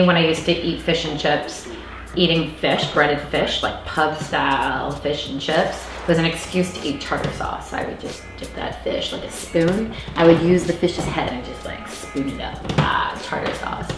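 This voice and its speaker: Canadian woman rambling while she cooks at home, lowish voice, kinda echoey kitchen, jokey about herself. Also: fairly bright tone, a little hiss or hum. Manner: chatty, rambling and self-deprecating. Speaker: cooking vlogger. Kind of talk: casual cooking vlog chat.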